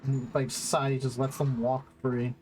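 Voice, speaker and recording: A man's voice: mid-range voice, little pitch movement, moderate pace, darkish tone. A male streamer giving casual gaming commentary, rambling and profane with lots of fillers.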